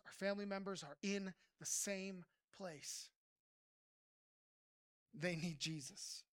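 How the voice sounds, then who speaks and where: A pastor preaching a sermon, speaking straight to the congregation with frequent "right?" and building to near-shouts at high points. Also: smooth, no echo, studio quality.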